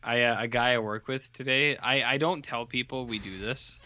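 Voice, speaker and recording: A male podcast co-host chatting casually, telling stories in a rambling, deadpan way. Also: mid-range voice, normal speed. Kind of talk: casual chat.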